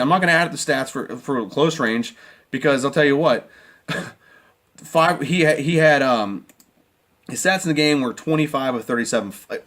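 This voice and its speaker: A man's voice: medium pitch, fairly bright tone. A man reviewing a football game in an emotional, exasperated rant, often repeating himself. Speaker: sports fan commentator.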